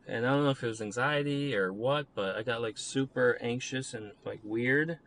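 A young man rambles through a personal story in a loose, filler-heavy way, often turning self-critical. His voice sits at an ordinary middle pitch. Steady vehicle noise runs behind him, as if he is recording in a car. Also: normal speed.

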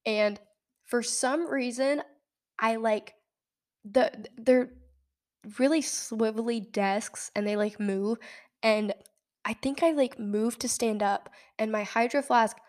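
A nineteen-year-old woman from Nebraska, telling a story in a casual, animated way and often laughing. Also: a little high, takes it slowly, pauses often. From Nebraska, United States. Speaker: podcast host.

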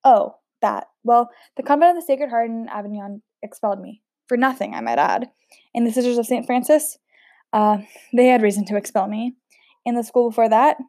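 A woman's voice: on the high side, expressive, a little fast, mellow, no room sound, studio quality. A woman voicing a blunt, defiant young female student, speaking cheekily.

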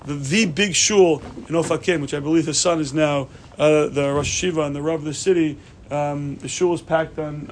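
A man with a fairly high voice teaches a Torah class, weaving stories into the lesson. He tells them in an animated way, often restarting his sentences and slipping Hebrew terms into his English. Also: slight background noise.

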